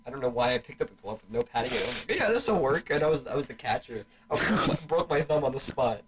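A man's voice: medium pitch, animated, quick pace. A teenage boy co-hosting a casual podcast, rambling through stories with many restarts and laughing as he talks. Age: teens. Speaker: podcast co-host. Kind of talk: casual chat. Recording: faint background noise, home podcast setup.

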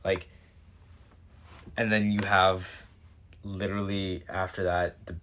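A man's voice: low-pitched, level tone, slow pace, a bit bright, a little hiss or hum. A young man co-hosting a podcast, chatting casually and pushing his opinions on sports. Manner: opinionated, pushy. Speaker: podcast co-host.

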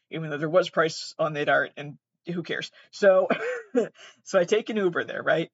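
A woman's voice: low-pitched, normal speed, slightly rough, no room sound. A young woman rambles through a self-mocking anecdote, swearing freely and restarting her sentences as she goes. Her voice is recorded dry and close, with a slightly dull, muffled tone. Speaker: podcast host. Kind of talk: casual storytelling monologue.

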